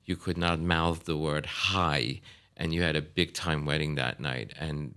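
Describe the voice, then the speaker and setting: A man with an extremely deep, low voice hosting a podcast. He speaks earnestly and affirmingly to his guest, stumbling and repeating words as he builds his point. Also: fairly even intonation, unhurried, bright, forceful tone, clear, resonant tone. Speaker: podcast host. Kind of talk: casual interview conversation.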